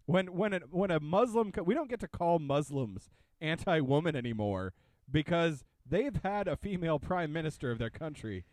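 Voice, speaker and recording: A man's voice: a little high, normal speed, no room sound. Joking young man, dry close sound. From Irish heritage. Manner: joking, rambling, animated asides. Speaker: podcast co-host. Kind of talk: casual chat.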